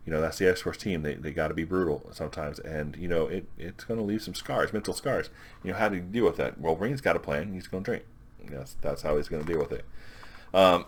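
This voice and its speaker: Man, very low voice, casual comic book reviewer, rambling recap with restarts. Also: a bit bright. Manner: rambling, with restarts and quick quoted dialogue.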